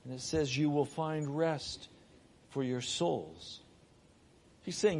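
A middle-aged man preaching a sermon, moving between raised, urgent delivery and hushed, soft passages. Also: a little high, animated, slow pace, pauses often.

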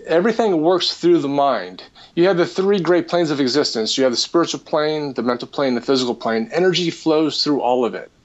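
A man giving an earnest personal testimony as a spiritual healer, speaking haltingly with frequent restarts. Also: on the high side, lively intonation, highs cut off.

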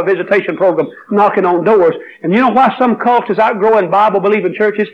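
A man's voice: sits high, fairly quick, hardly any pauses, muffled recording. A man preaching a sermon, telling an emotional story and then urging his listeners on with fervor. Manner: emotional storytelling, rising to fervent exhortation.

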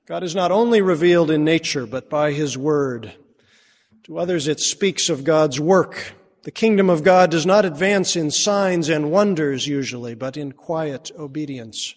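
A pastor preaching a sermon, moving between strong declarations and quiet, hushed passages. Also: male voice, a little high, big-room sound. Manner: dramatic shifts between strong and hushed delivery.

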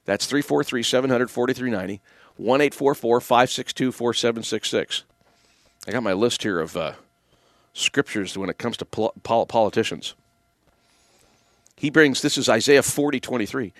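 A man's voice: mid-range voice, moderate pace, no room sound, studio quality. A man hosting a call-in talk radio show, emphatic and opinionated with sardonic asides.

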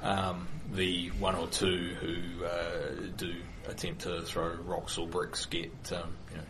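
Deep-voiced man running a tabletop game. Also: completely flat delivery, background noise. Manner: halting, many ums and uhs. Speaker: game master.

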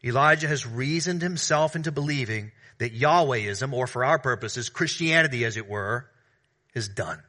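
Speaking at normal speed with a medium-pitched voice, a pastor preaches earnestly, first reading a scripture passage and then explaining it. Repeated phrases build his volume, while asides come out quietly.

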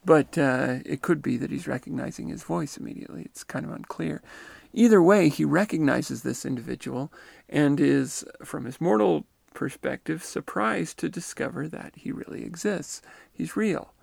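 A man's voice: a little high, moderate pace, gravelly, darkish tone, no room sound. A man retelling and reflecting on someone's near-death account in a musing, tentative way. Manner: musing and tentative, often unsure. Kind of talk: reflective spoken commentary.

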